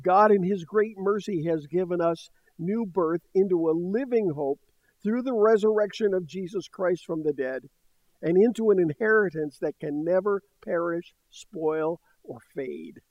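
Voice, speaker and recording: A man's voice: high voice, a little slow, no echo. Older man preaching conversationally, dry dull sound. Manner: warm conversational preaching with light laughs. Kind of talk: sermon teaching.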